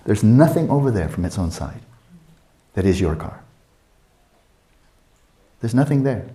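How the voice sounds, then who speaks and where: Older male dharma teacher, mellow tone, roomy reverb, casual teaching. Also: medium pitch, lively intonation, moderate pace, long pauses. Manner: conversational, playful asides with acted quotes. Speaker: meditation teacher. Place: retreat teaching hall.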